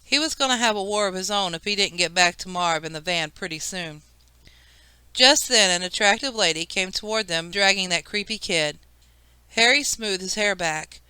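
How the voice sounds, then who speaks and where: A woman narrating a children's audiobook in a lively storytelling manner. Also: medium pitch, normal speed, clear, resonant tone, dry recording, poor audio.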